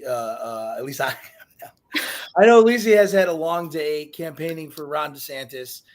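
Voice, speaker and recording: A man's voice: on the high side, animated, moderate pace. A man from Chicago hosting a live online show, rambling with lots of fillers and joking. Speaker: host. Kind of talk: casual live show chat.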